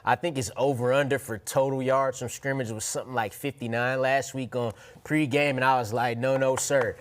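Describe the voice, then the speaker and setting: A man co-hosting a sports show, speaking in a relaxed, loose conversational way. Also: mid-range voice, a little fast. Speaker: co-host. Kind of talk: casual sports podcast chat.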